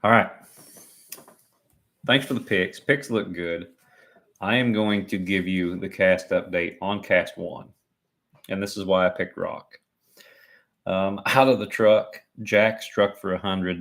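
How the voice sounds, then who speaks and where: With a deep, slightly bright voice edged by vocal fry, a man provides self-mocking live commentary on a sporting event. He's a livestream commentator who chats, jokes, and laughs at himself.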